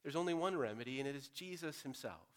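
A pastor preaching an earnest, direct sermon, moving between loud urging and quiet, pressing appeal. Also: male voice, mid-range voice, expressive, quick pace.

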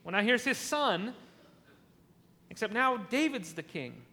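In a big-room sound, a pastor with a high, sharp, sing-song voice speaks a little slowly through his sermon. He retells a passage of scripture, acting out its lines and frequently repeating and restarting words.

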